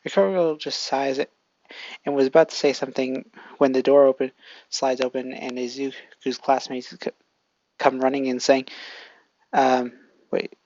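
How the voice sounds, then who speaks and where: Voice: medium pitch, flat delivery, moderate pace, long pauses, a little mellow, no room sound, highs cut off. A fan storyteller narrating casually, often stumbling and correcting themself.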